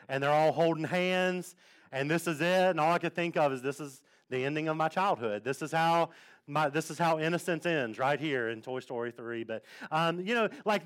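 Chatty pastor telling a story. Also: male voice, a little high, smooth. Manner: animated storytelling, self-deprecating, lots of fillers. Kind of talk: conversational sermon. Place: church sanctuary.

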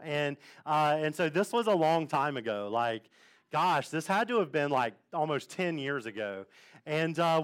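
Pastor, man, young adult, slightly high voice, animated rambling storyteller. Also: smooth. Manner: animated storytelling, self-deprecating, lots of fillers. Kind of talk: conversational sermon. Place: church sanctuary.

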